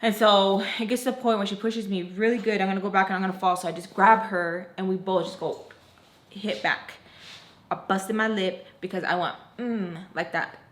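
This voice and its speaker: A woman's voice: medium pitch, normal speed. Chatty young woman telling a storytime. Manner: chatty, heavy use of "like" and "you guys"; expressive, retelling scenes with quoted dialogue. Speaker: storytime vlogger. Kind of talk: casual storytime narration. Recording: roomy echo.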